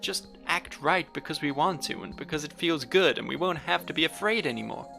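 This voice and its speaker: A man's voice: animated, a little fast, gravelly, sharp tone, faint music behind, heavily acted. A man voicing an earnest, troubled young woman hero, reading game dialogue in a pleading, slightly raised voice. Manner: earnest, pleading, higher put-on voice.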